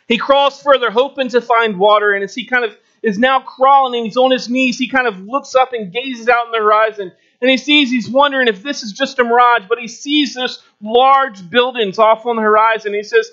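A male preacher with a notably high voice delivers a sermon, moving between a quieter low register and lifted, excited phrases as he tells a story. The recording sounds dull and lo-fi. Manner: storytelling with shifting pitch and pauses.

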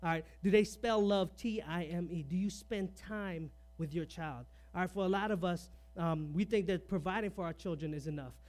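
A man with a notably high voice delivers a conversational sermon. He keeps asking the congregation pointed rhetorical questions and peppers his points with "all right." His tone is earnest and personal rather than formal. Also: normal speed, few pauses, a little mellow. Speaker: preacher.

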